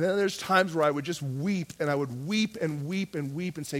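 A middle-aged man, a pastor, preaching a sermon in a conversational way, acting out his own prayers and swinging from loud to hushed. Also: high voice, quick pace.

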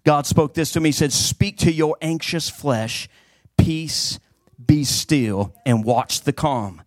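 A man preaching a sermon with fervent emphasis, swinging between loud declarations and hushed passages. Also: fairly high pitch, slow pace, dry recording, clean studio sound.

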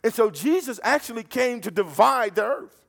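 A high-pitched male preacher delivers a sermon with fervour. He tells stories from the pulpit and often repeats a word as he restarts his thought. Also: animated, normal speed, gravelly, a bit bright. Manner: fervent, storytelling, repeats words when restarting.

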